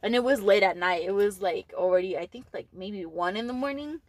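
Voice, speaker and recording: A woman's voice: mid-range voice, dry recording. A teenage girl casually telling a story to her boyfriend, swearing and laughing often. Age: teens. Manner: laughing, swearing, fast story with lots of likes. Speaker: podcast co-host.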